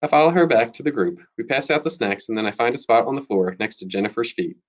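A man, a teacher, reading a chapter book aloud with steady, expressive narration. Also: medium pitch, quick pace. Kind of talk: read-aloud storytelling.

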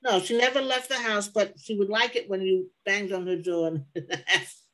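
An older woman recalling her mother in conversation, pausing often to search for words. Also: medium pitch, fairly even intonation, a bit bright, low-quality recording. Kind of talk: conversational recollection.

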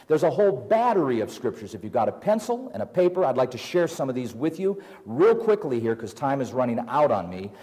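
A man preaching a sermon, animated, retelling scripture in everyday words. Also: mid-range voice, long reverb tail.

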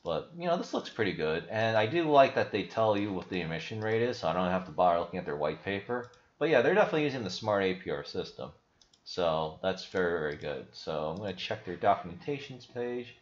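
Rambling low-voiced man, lively pitch. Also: brisk. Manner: rambling, often tags on "right?" and "you know". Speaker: crypto investing YouTuber. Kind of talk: casual screen-share commentary. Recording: dull lo-fi audio.

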